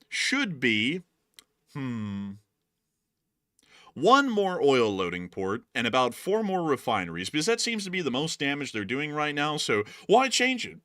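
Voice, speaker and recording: A man hosting a casual livestream chat, animated and quick to laugh. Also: fairly high pitch, no echo, studio quality. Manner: animated, laughs loudly, drawls "y'all". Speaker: host.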